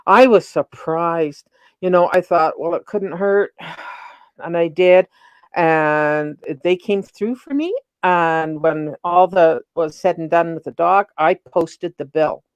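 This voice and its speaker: A woman's voice: lowish voice, takes it slowly, clear, resonant tone, dry recording, muffled recording. A woman guest in a casual panel chat, talking in an agreeable, frank and conversational way.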